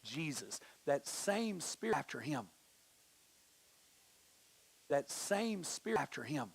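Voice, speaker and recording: A man preaches in a church with a high, gravelly voice. He talks in a loose conversational way and jumps up in pitch when he acts out the people in his story. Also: very animated, slow pace. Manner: conversational preaching, acting out quoted voices, pitch swinging widely. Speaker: pastor. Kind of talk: sermon. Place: church sanctuary.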